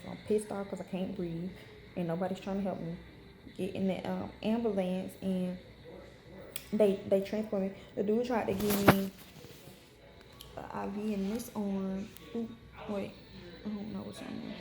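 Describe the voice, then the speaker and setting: Young woman, frank chatty vlog, unwell, even flat delivery, roomy echo. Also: mid-range voice, normal speed, pauses often, noisy background. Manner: frank, chatty, many fillers. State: unwell, in pain. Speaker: vlogger. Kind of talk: casual storytelling to camera. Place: hospital room.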